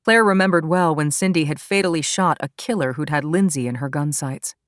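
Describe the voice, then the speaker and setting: A woman narrating an audiobook in a calm, even storytelling manner. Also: low voice, a little fast, no room sound, studio quality. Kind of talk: scripted narration.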